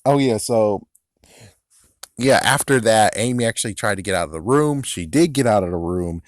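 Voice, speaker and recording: A man with a lowish voice talks through an episode recap in a loose, rambling way, throwing in profane asides and short laughs. The sound is dry and close, with no room around him. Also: expressive, normal speed, no echo. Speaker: episode reviewer. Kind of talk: casual recap and commentary.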